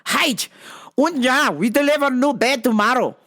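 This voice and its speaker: A woman reading out a delivery notice in a clipped, flat, broken-English voice. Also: high voice, measured pace, pitched above the performer's own voice, heavily acted. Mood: announcing.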